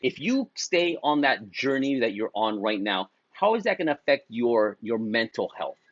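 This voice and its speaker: A beauty business coach with a medium-pitched, sing-song voice talks at normal speed to camera, recorded muffled with no room sound. His casual motivational talk to beauty professionals is blunt and profane, full of slang and restarts, and he laughs at his own jokes.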